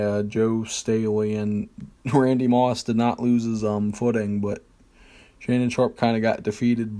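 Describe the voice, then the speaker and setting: A man's voice: medium pitch, a little mellow. A man streaming a football video game, talking through his plays in a rambling, hesitant way with many fillers and jokes at his own expense. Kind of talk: casual gameplay commentary.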